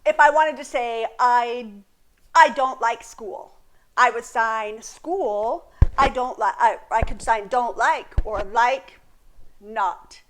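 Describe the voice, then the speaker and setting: High-pitched woman, friendly explainer, teaching a beginner sign language class on video. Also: slow pace, fairly bright tone. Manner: chatty, explains with examples and laughs often. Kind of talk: casual video lesson.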